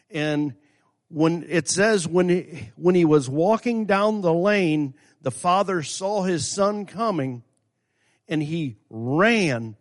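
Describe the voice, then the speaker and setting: A middle-aged man preaching a sermon. He retells a story in a folksy way, repeats himself, and rises to fervent emphasis. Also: on the high side. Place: church sanctuary. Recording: long hall reverb.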